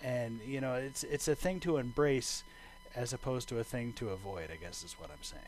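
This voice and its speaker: Mellow-voiced man teaching bass online. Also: moderate pace, slight background noise, low-quality recording. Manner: relaxed, rambling, thinking aloud with fillers. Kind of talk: online music lesson over video call. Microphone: video call. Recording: bass guitar playing behind him.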